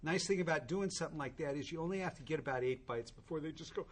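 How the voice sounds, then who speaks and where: A man's voice: fairly high pitch, quick pace. A man in his sixties tells a humorous, rambling story to an audience at a recovery meeting, with many restarts.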